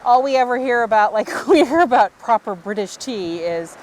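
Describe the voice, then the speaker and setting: A woman's voice: on the high side, lively intonation, moderate pace, darkish tone, a little hiss or hum. A woman from the American South hosting a casual food vlog, chatty and goofy, laughing easily. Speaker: vlog host. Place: outdoor tea house seating.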